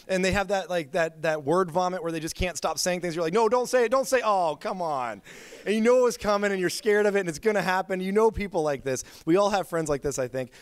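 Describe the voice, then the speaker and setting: A man's voice: sits high, fast talker, hardly any pauses, clear, resonant tone, no echo. A man preaching a sermon as pastor, telling stories in a casual, chatty way with lots of filler words. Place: church.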